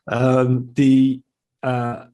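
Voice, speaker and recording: A middle-aged man, a guest on a podcast, talks candidly and reflectively in a casual interview, often restarting and laughing at himself. His voice is medium-pitched and warm.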